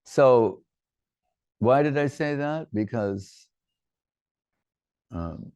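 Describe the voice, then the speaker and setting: A man's voice: medium pitch, animated, very slow, a little mellow, clean tone, no room sound, muffled recording. A male spiritual teacher giving an informal, humorous sermon, chatty and full of stories and fillers.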